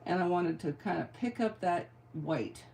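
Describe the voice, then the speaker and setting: A woman's voice: on the low side, a little slow, vocal fry, dark tone. Chatty middle-aged woman demonstrating crafts. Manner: chatty, playful, rambling asides. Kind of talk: card-making tutorial.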